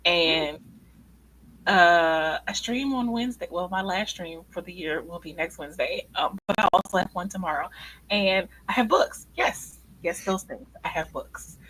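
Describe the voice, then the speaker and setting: A woman guest in a casual chat over a video call, slightly hoarse, talking in a lively, animated way. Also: lowish voice, a little slow, slight background noise, poor audio. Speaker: guest writer.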